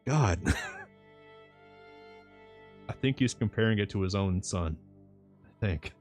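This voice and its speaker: A deep-voiced man reads a classic novel aloud for his stream, steady in the narration and wry in his side comments. A faint music track plays under his voice. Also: moderate pace. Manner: wry, amused asides. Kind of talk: audiobook narration with joking asides. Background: faint background music.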